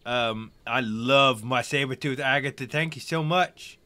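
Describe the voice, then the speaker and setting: A man's voice: medium pitch, measured pace, sharp tone. A tipsy man chatting and joking while streaming a game. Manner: rambling, joking, playful. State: tipsy from wine. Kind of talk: casual gaming chat.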